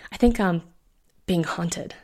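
A man's voice: high-pitched, takes it slowly, darkish tone. A woman reading the part of a fussy male innkeeper who thinks he is haunted, snapping and pleading. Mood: panicked.

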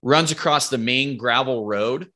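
A man telling hunting stories as a guest in a casual podcast interview, animated and rambling, with free swearing. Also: medium pitch, unhurried. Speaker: podcast guest, bow hunter.

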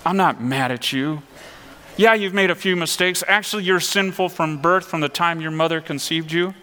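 A man preaching who voices Jesus speaking softly and tenderly to a frightened disciple. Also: a little high, normal speed. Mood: reassuring. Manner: soft, tender, consoling.

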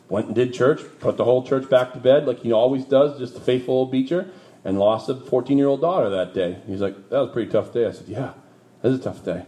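A man preaching, telling a personal story from his early ministry with lively asides and low, quiet turns at the sad parts. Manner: lively anecdotal storytelling that drops low and quiet for emotional moments. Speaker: pastor. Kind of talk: sermon storytelling.

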